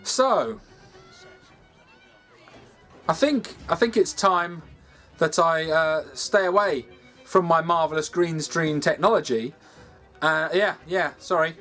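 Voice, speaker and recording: A man's voice: on the high side, slow pace, pauses often, fairly bright tone, soft background music. A man ranting in a sweary, exasperated way as he reviews a game over gameplay, from his games room at home. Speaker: gaming video host.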